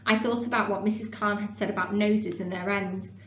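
A woman's voice: medium pitch, fairly quick, a little hiss or hum. Woman teacher reading a storybook to a class, roomy classroom, muffled lo-fi sound. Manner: steady storybook reading, with brief explanations. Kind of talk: reading a children's novel aloud to a class. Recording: roomy room, dull lo-fi sound.

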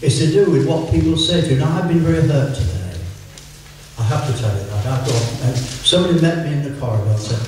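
An older man from England giving an informal, joking sermon, slowing down whenever he quotes scripture. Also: mid-range voice, lively intonation, noisy background. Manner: chatty, self-mocking, slows right down for scripture. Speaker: preacher. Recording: echoey room, voice from far off.

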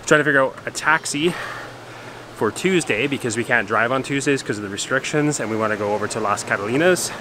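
A man's voice: mid-range voice, fast. Easygoing man vlogging over background noise. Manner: easygoing, rambling with many fillers. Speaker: travel vlogger. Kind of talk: casual travel vlog chat. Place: outdoors at a beach restaurant and a rental condo. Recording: noisy handheld outdoor audio.

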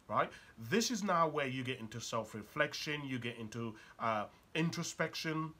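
A man's voice: medium pitch, expressive, moderate pace, few pauses, sharp tone. A man giving a motivational talk. He speaks urgently and keeps asking the listener probing rhetorical questions.

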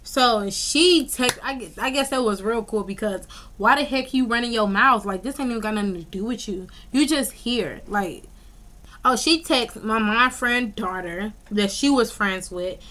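A young woman vlogger telling a story in a casual, animated way, full of slang and fillers. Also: fairly high pitch, normal speed.

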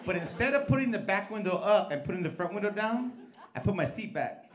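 Loud, profane stand-up comic on stage. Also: male voice, high-pitched, brisk. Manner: loud, profane, animated storytelling with put-on voices. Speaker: stand-up comedian. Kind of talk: stand-up set with crowd work. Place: comedy club stage with live audience. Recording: live club recording with crowd noise.

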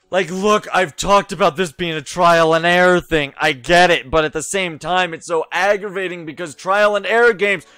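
A man's voice: fairly high pitch, pushed and bright, no echo. A young man giving frustrated let's play commentary, swearing a lot and muttering to himself as he plays. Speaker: gaming YouTuber.

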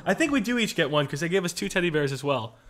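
Excitable man unboxing fan mail. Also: a little high, fast, a little hiss or hum. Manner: excitable, rambling, jokey. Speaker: channel host. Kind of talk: casual unboxing chat.

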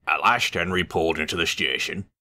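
A man reading a children's story aloud, expressive and animated. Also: low-pitched, brisk.

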